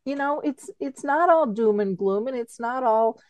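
Chatty, animated woman host, dry sound. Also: a little high, moderate pace, no echo. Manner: animated, chatty, laughs easily. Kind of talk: interview conversation.

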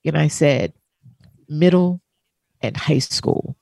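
Woman co-host, lowish voice, dry close mic, heartfelt storyteller who drops to soft quoted voices. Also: measured pace, creaky, dry recording. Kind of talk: emotional personal story, casual chat.

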